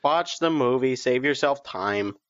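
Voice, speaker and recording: A man co-hosting a podcast in casual chat, making quick teasing jokes. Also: mid-range voice, expressive, a bit bright, highs cut off. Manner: joking, teasing quips. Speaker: podcast co-host.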